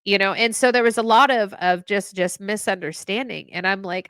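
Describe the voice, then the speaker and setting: A woman in her thirties, a podcast co-host and veteran, talking in a heartfelt, halting way and reading a poem. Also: mid-range voice, fairly bright tone, no echo. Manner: emotional, halting with restarts.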